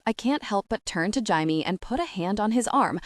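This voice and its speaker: A young adult woman reading a first-person romance audiobook in an expressive, playful manner. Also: medium pitch, moderate pace, no echo, studio quality. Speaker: audiobook narrator.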